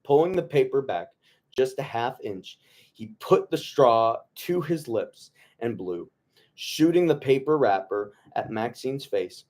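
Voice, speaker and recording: A man reading a novel aloud to his book club in a relaxed way, stumbling over words, rereading lines and tossing in joking asides. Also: medium pitch, unhurried. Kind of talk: casual read-aloud of a novel.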